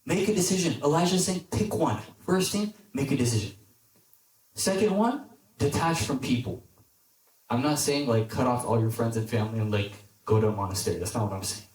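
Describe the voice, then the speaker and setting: A man's voice: mid-range voice, fairly quick. Young guy preaching at youth group, chatty, says like a lot, kinda far from the mic, big echoey hall. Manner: conversational, lots of "like", animated when quoting characters. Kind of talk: casual youth sermon with storytelling.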